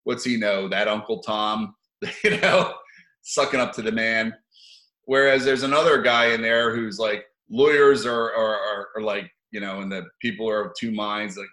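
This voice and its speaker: A man's voice: on the low side, steady tone, moderate pace, sharp tone, reverberant, poor audio. A man giving rambling, profane opinion commentary for his video channel, sardonic and given to chuckling asides.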